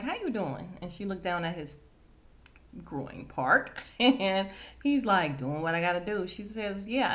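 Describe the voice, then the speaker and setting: On a casual podcast, a woman with a mid-range voice recaps a TV episode, retelling it with energy, acting out the characters' lines, and laughing often.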